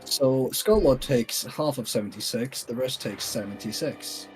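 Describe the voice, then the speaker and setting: A man's voice: mid-range voice, soft background music, low-quality recording. A man at a tabletop game who casually reminds the others of their rules and numbers. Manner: quick, helpful reminders to others. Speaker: player.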